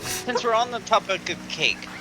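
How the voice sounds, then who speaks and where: Man chatting over loud game music. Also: high voice, lively intonation, normal speed, rough recording. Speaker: stream co-host. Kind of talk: casual gaming chat.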